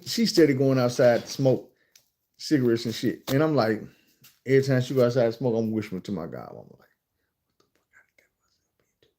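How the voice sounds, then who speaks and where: A man with a Southern American accent tells a story casually, cursing freely and talking in a lively, conversational way. His voice sits at an ordinary pitch with a mellow, warm tone. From Arkansas, USA. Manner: profane, animated, conversational.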